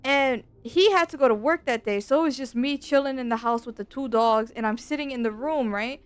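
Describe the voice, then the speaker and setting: A woman streaming a game and chatting casually, telling stories in an animated, slangy way from a dark room at home into a desk mic. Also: high-pitched, a little fast, smooth, no echo. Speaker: VTuber streamer.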